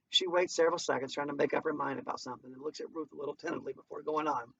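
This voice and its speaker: A man, a teacher, reading a play aloud at home in a plain, unhurried way. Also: a little high, fairly even intonation, gravelly, breathy edge. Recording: distant muffled home recording, faint noise.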